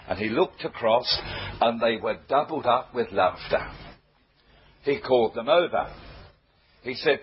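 An older man, preaching a sermon and telling anecdotes with frequent chuckles. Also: mid-range voice. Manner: slow, chuckling storyteller. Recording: muffled old recording with faint hiss.

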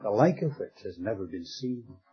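An older man preaching a sermon with a very husky, breathy voice. He leans on dramatic pauses and sinks to a near-whisper on key words. The recording is dull and lo-fi. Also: fairly low pitch, expressive.

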